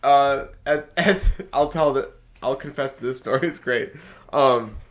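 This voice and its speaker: A man's voice: mid-range voice, measured pace. A man co-hosting a podcast in casual chat, laid-back, often laughing and stumbling over words. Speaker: podcast co-host.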